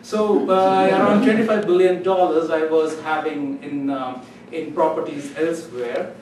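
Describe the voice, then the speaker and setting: A man telling a humorous story in a club speech, acting out other people's voices with sudden high, loud lines. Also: steady tone, unhurried. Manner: storytelling, acts out voices with rising pitch. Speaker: club speaker. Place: meeting room. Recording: echoey room from far off, faint noise.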